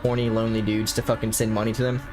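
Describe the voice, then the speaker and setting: A man's voice: on the low side, flat delivery, rapid-fire, over music. A young American man streaming a horror game, chatting loosely with viewers and reading game text aloud. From United States. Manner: swearing, joking with chat, drawling.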